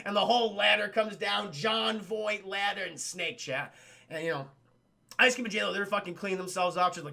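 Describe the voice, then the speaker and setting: A man streaming a profane film recap to his chat, animated and acting out characters in goofy voices. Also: high voice, moderate pace, gravelly.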